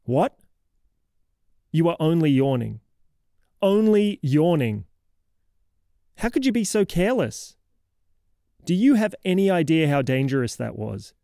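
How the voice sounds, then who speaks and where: Man doing a cranky townsman, mocking, lecturing, sarcastic, mellow voice, dry close recording, comic horror monologue. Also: a little high, very animated, moderate pace, vocal fry, long pauses, no echo, voice pushed up. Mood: scolding. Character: cranky, scolding older townsman lecturing a kid.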